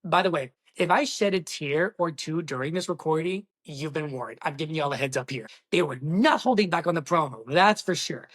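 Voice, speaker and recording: A woman giving a casual movie review, excitable and exclamatory, talking straight to her viewers. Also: lowish voice, husky. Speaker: film reviewer.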